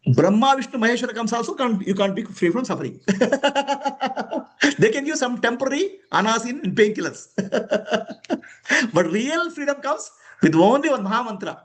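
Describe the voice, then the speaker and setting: Male spiritual teacher, high and animated voice, emphatic with frequent chuckles, quizzes his listeners. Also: moderate pace. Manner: emphatic, questioning, chuckling often. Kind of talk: spiritual discourse to students.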